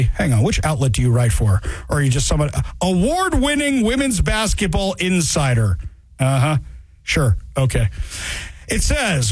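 Sarcastic high-voiced male talk host. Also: normal speed, slightly rough, dry recording. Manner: sarcastic, mocking, animated. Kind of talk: opinionated commentary monologue.

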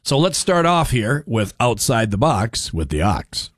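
A man's voice: medium pitch, very animated, a little slow, no room sound, clean studio sound. Chuckling, rambling radio host man. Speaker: radio talk show host. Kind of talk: casual talk radio commentary.

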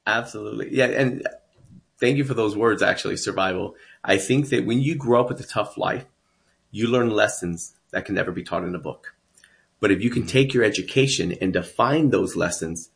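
A man's voice: fairly low pitch, creaky, fairly bright tone. A man from Texas telling his life story as a guest, earnest and emphatic. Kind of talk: personal storytelling.

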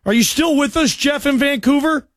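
High-voiced excitable sports radio host. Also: male voice, moderate pace, dry recording. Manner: loose, excitable, joking banter. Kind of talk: call-in sports radio talk.

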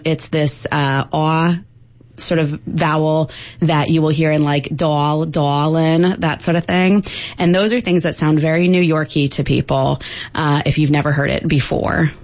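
Deep-voiced lady professor explaining stuff in an interview, dry close sound. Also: steady tone, normal speed, no room sound. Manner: fluent and explanatory, with fillers. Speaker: linguistics professor.

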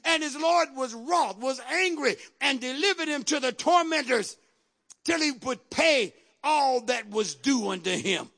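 A man's voice: very high voice, animated, measured pace, creaky, a bit bright. A man preaching a sermon, retelling a scripture story emphatically, repeating phrases and calling out to the congregation. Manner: emphatic, repetitive, calls out to the congregation.

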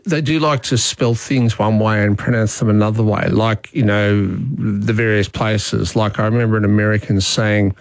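A man's voice: fairly low pitch, fairly even intonation, moderate pace, hardly any pauses, no room sound. Australian man hosting talk radio. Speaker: radio host. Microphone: studio mic.

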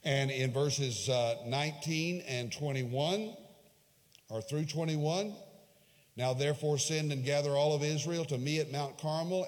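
Dramatic preacher man in a reverberant hall. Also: on the high side. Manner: dramatic retelling, swings from hushed to loud. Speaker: pastor. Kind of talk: sermon.

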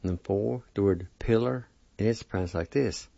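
Man, language teacher, patient drills, low voice, dry dull lo-fi recording. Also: gravelly, warm tone, no echo. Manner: patient, repeats each word slowly. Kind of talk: slow spelling and pronunciation lesson.

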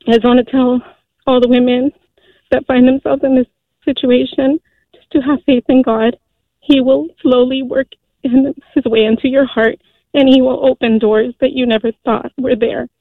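A middle-aged woman calls in over a tinny phone line, her voice a little high. She speaks earnestly and haltingly, with frequent fillers. The sound is dry and close. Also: steady tone, dry recording. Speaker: caller. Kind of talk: call-in radio testimony.

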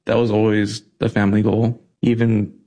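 A young man in his twenties, a college student, speaking softly and hesitantly in an interview. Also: lowish voice, flat delivery, moderate pace. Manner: soft-spoken, hesitant with fillers.

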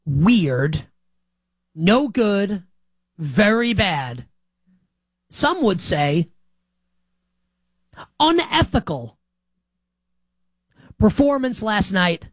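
Sarcastic sports talk host, dry sound. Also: male voice, high voice, dry recording. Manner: sarcastic, animated. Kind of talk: sports opinion monologue.

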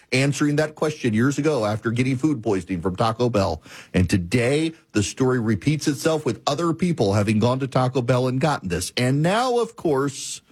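Husky-voiced male talk host. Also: mid-range voice, no room sound. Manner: measured, repetitive storytelling cadence. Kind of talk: storytelling and political commentary.

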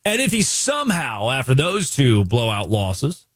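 A man giving opinionated sports commentary, animated and mocking, mimicking the people he criticizes. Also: medium pitch, measured pace, dry recording.

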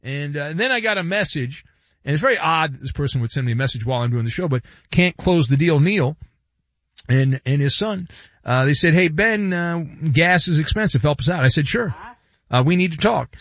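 A man's voice: on the high side, expressive, brisk, a bit bright, dry recording, lo-fi sound. A man hosting a radio show, talking in a theatrical, playful way and reading live ads. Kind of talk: bombastic talk radio with live ad reads.

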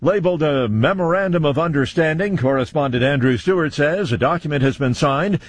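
A man anchoring a radio newscast, reading headlines in a brisk, clipped way. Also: fairly high pitch, slightly rough, dry recording. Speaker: news anchor.

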